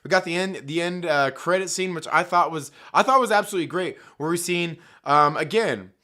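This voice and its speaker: A bright, forceful man ranting about a movie in a loose, profane way. His voice sits a little high for a man. He rambles, piles up fillers and swears freely as he works himself up. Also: fairly quick. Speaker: movie commentary host. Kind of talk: casual rant, film review.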